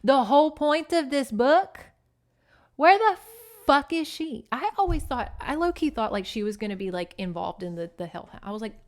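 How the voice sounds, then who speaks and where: Chatty woman with a higher voice. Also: normal speed. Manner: animated, profane, chatty. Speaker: podcast host. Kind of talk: casual book recap.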